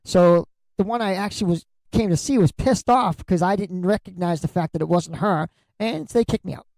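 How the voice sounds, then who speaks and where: A man's voice: high voice, normal speed, creaky, a little mellow, no echo, rough recording. Crude, jokey podcast storyteller man. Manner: crude, jokey, swears freely, acts out quotes. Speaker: podcast host. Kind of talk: comedic storytelling monologue.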